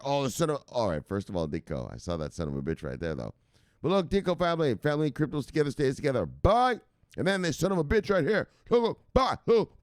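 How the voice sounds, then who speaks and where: A male crypto news host in casual livestream chat, shouting out viewers with loud hype catchphrases, swearing and laughing. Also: fairly low pitch, no room sound, studio quality.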